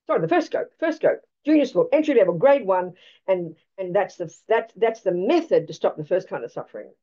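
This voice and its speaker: In a dull, lo-fi recording, a woman teaches Buddhism in a blunt, emphatic way, peppering her talk with rhetorical questions. Her dark, mellow voice swings widely in pitch with lively intonation as she presses each point, and she speaks a little fast.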